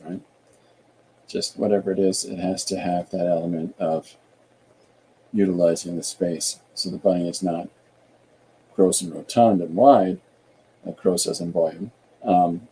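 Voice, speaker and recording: A man hosting an art podcast, thinking aloud in a relaxed, rambling way while he draws and reads viewer comments. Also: low-pitched, creaky, a little hiss or hum, low-quality recording. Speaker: artist and podcast host. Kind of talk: casual livestream chat while drawing.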